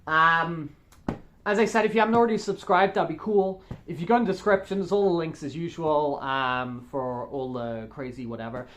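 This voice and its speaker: An enthusiastic furry vlogger talking straight to the viewers in a loose, rambling way. The speech is full of ums, likes and restarts, and the tone stays friendly and upbeat throughout. The pitch sits in an ordinary middle range. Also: steady tone, normal speed, a bit bright. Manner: rambling, filler-heavy, enthusiastic. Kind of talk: casual chat to camera.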